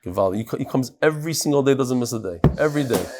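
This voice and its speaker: A man teaching a lively Talmud class and talking straight to his students. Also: medium pitch, very fast, loud music behind the voice. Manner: animated, talks to the students. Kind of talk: lively Daf Yomi class.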